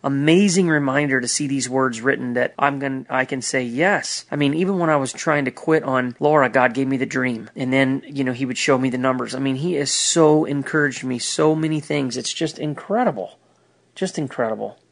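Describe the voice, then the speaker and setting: A man's voice: medium pitch, normal speed, vocal fry, no room sound, rough recording. A man talking in an earnest, fervent, rambling way as he shares personal devotional reflections in a vlog. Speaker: believer sharing devotional reflections. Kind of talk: personal faith vlog monologue.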